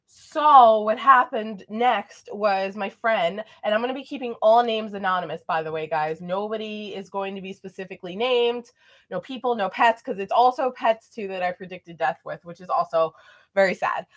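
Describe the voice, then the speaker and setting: A woman's voice: mid-range voice, normal speed, a bit bright. A young woman vlogger chatting casually through a storytime, rambling with lots of fillers.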